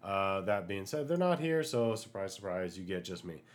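A man hosts a solo podcast while recovering from an illness, chatting casually and ranting animatedly with many fillers. His voice is low and his pace moderate.

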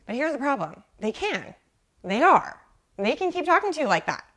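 A woman's voice: high-pitched, sing-song, normal speed, fairly bright tone. A woman hosting a live coaching talk for mothers, chatty, often asking "right?" and greeting viewers by name. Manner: chatty, keeps asking "right?" and uses lots of "like". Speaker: mom life coach hosting a live show.

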